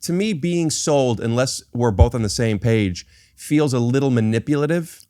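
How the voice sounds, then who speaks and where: Measured, thoughtful male podcast host. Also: medium pitch, mellow, smooth, dry recording, clean studio sound. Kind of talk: casual chat.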